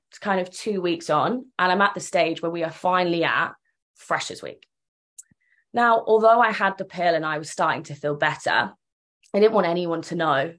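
A young woman tells her own story earnestly and emotionally, acting out the remembered dialogue. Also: on the low side. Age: young adult. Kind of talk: personal storytelling.

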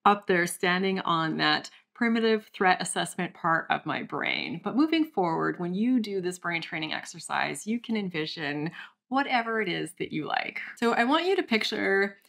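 A young woman hosting a channel, calmly and gently guiding listeners through a step-by-step brain training exercise. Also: fairly low pitch, moderate pace, creaky. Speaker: channel host, recovery coach. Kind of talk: guided exercise instruction.

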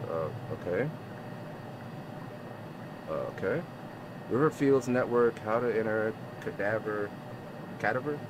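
A man's voice: fairly low pitch, animated, takes it slowly, long pauses, very noisy. A man playing a horror game on his channel, rambling nervously, repeating himself and talking to viewers as bro and y'all; he is scared and sweating. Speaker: gaming let's-play host. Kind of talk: horror game let's play commentary. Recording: loud game music behind.

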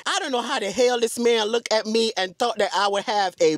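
A man's voice: high voice, brisk, few pauses, dry recording, studio quality, soft background music. A man telling a story from inside a car in a sassy, dramatic way, calling his audience girl and breaking into bits of song. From Atlanta area. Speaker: storytime vlogger. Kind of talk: casual storytime chat.

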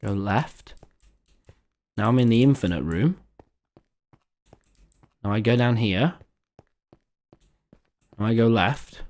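A man streaming a game live, talking to viewers and ranting excitedly at the screen. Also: on the low side, takes it slowly, pauses often. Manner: excitable, exasperated, swears and rants at the screen. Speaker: gaming streamer.

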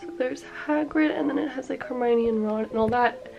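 A young woman with a cold talking excitedly in a casual haul vlog, gushing over her purchases. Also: sits high, fairly quick, gravelly, highs cut off, faint music behind. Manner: bubbly and gushing, lots of "like" and "are you kidding me". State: congested with a cold. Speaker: vlogger.

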